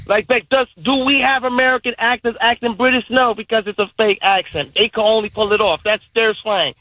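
A man's voice: high voice, fairly even intonation, fairly quick, sharp tone, no room sound, dull audio. A man chatting casually in a group, rambling and repeating himself with slang.

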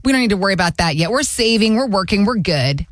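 A woman's voice: mid-range voice, lively intonation, quick pace, no echo, clean studio sound. A middle-aged woman co-hosting a casual chat, telling stories and laughing easily. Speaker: podcast co-host.

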